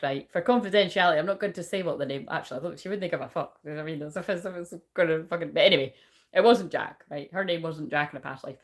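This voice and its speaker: A woman's voice: on the low side, quick pace. A young woman giving a casual spiritual reading, rambling and swearing often. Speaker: spiritual reader and shaman.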